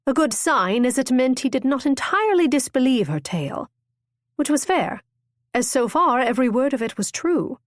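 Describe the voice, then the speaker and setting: A woman narrating a romance audiobook in a measured, expressive reading. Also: high voice, no room sound, studio quality. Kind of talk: scripted narration.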